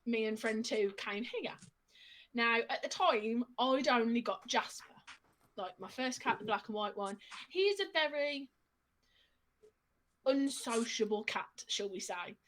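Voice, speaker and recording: A woman's voice: on the high side, unhurried. A woman casually telling a funny anecdote on a stream, often laughing as she talks. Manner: laughs through her story, lively retelling. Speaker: storyteller on a stream.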